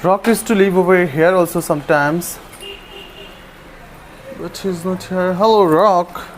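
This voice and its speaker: Man, high voice, casual vlog narration, gentle with dogs, outdoors, faint background noise. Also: steady tone, measured pace. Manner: talks softly and tenderly to dogs. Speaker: vlogger caring for stray dogs. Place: outdoors, on a terrace.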